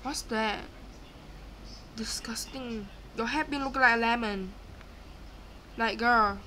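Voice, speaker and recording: A young woman with a high, bright voice narrates her game as she plays, excitable and chatty, talking back at the characters on screen. A faint hiss of game ambience sits under her voice. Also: a little slow. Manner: excitable, screams and gasps, talks to game characters. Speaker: gaming YouTuber. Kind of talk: live gameplay commentary.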